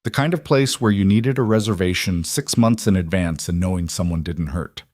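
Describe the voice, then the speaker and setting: A man reading a scripted dramatic story in a steady, even narrating manner. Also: sits low, moderate pace, no room sound, clean studio sound.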